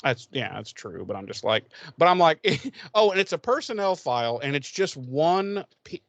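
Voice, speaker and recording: A man's voice: on the high side, sing-song, normal speed, fairly bright tone, no room sound, lo-fi sound. A man co-hosting a podcast, casually recapping an episode in a rambling, profane way and acting out the characters' lines. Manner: rambling, profane, laughs often, acts out characters. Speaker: podcast co-host.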